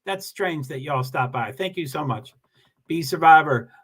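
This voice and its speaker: A man with a bright, slightly high voice hosts a casual livestream from home by himself. He rambles and pokes fun at himself as he reads viewer comments aloud. His tone stays chatty and loose throughout. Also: animated, measured pace, husky. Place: at home alone.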